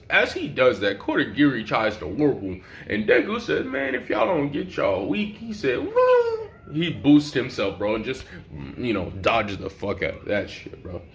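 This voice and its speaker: Young guy rambling thru a fan story, lots of slang, lowish voice that jumps all over, faint hiss behind. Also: a bit bright. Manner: slangy, rambling, profane, makes sound effects. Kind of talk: casual fan story retelling.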